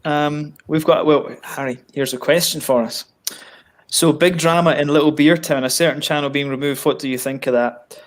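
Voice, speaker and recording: Chatty, swearing stream host, upbeat pitch. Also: male voice, steady tone, normal speed. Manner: banters, swears, reads out viewer comments. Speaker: livestream host. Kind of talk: casual chat. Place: home, living in Sweden.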